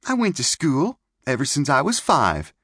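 A man's voice: a little high, huge pitch swings, normal speed, fairly bright tone, husky, no echo, clean studio sound, pitched above the performer's own voice, exaggerated voice. A man voicing an eager, chatty little pioneer girl in an audiobook.

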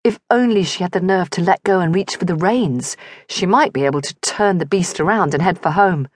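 A woman's voice: lowish voice, a little fast, no room sound. A woman narrating a romance audiobook in vivid scripted storytelling on a close studio mic.

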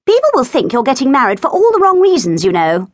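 A woman doing a sour, sarcastic flatmate. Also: high voice, quick pace, no room sound, pitched above the performer's own voice, exaggerated voice. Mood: disapproving. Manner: muttering, disapproving.

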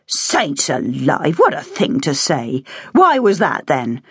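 A woman's voice: low-pitched, huge pitch swings, slow, slightly rough, dry recording, studio quality, full character voice. A woman voicing a plump, kind-hearted, motherly woman who fusses over a child in a homely way. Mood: kindly. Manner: warm-hearted, homely, fussing.

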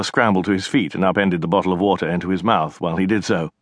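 A man narrating a mystery novel in measured, scripted storytelling. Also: low voice, steady tone, no echo. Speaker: audiobook narrator.

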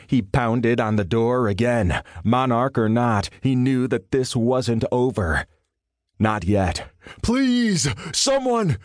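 Male audiobook narrator, lowish voice, dry studio sound, measured suspense. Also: a little mellow, dry recording. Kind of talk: scripted thriller narration.

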